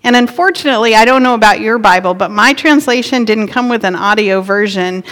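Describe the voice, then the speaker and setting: A woman's voice: a little high, brisk, a bit bright. A woman pastor giving a sermon in a conversational way, playing with word emphasis. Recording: long hall reverb.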